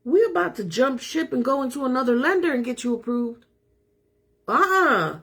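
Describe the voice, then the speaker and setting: A woman's voice: high-pitched, sing-song, moderate pace, a bit bright, slightly rough. A middle-aged woman real estate agent talking casually to viewers, emphatic and self-assured. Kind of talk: casual live talk to viewers.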